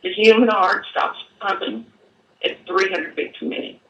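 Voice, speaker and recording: A woman giving an earnest personal testimony, halting and at times choked up, in an echoey room away from the mic. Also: mid-range voice, distant mic, lo-fi sound. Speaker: guest telling her story.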